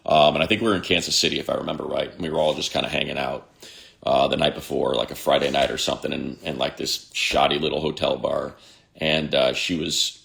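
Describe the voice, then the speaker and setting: A very low, heavily gravelly male voice belongs to a sports radio host in his fifties. He chats loosely on a livestream, reading out viewer comments and rambling from one to the next. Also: steady tone, brisk, a bit bright. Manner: reads viewer comments aloud, chatty and rambling. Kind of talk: casual livestream chat.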